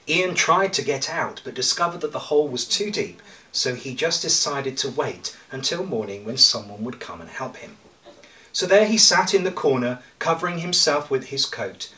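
Heard from a distance inside a church, a male priest delivers a sermon in a bright voice of medium pitch. His delivery is measured, punctuated by pauses and gentle humour.

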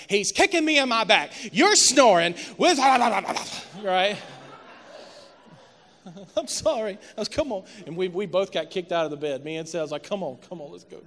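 A man preaching a sermon as a pastor, telling a family story and building to loud, impassioned preaching. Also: fairly high pitch. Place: church sanctuary. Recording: reverberant church hall.

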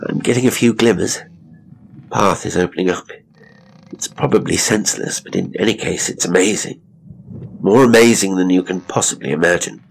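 An excitable male scholar presses his points with urgent eagerness, as a man acts him out. The voice is low and gravelly. It lifts higher when he is stirred. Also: normal speed, a little hiss or hum, low-quality recording. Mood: excited. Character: excitable, sharp-minded male scholar companion.

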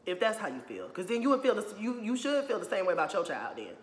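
In an echoey room with long reverb, a young adult YouTuber fires off a casual, profane opinion rant, constantly repeating "you know what I'm saying." He talks fast in a high voice with huge swings in pitch.

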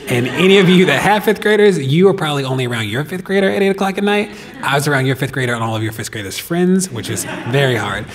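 A man telling a personal story to a host on stage, animated, laughing often and talking with lots of fillers. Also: fairly high pitch, fast. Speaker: podcast guest. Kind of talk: storytelling in a live talk. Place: stage of a performance venue. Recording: long reverb of a hall.

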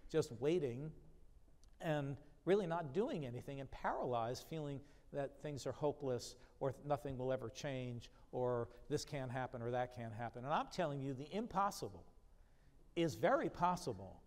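A man's voice: mid-range voice, expressive, moderate pace, darkish tone. A man preaching a sermon, reading scripture aloud with rising emphasis and then explaining it in a conversational way. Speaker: pastor. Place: church sanctuary. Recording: long church reverb.

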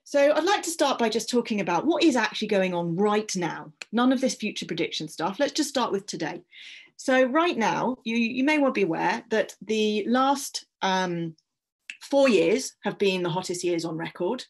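A woman with an English accent giving an online science talk, gently reassuring listeners and inviting them to breathe. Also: medium pitch, expressive, moderate pace, husky.

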